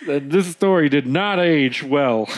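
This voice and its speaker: Slow-talking, laughing male podcast host. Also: on the high side. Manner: profane, laughs a lot. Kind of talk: casual comedic chat.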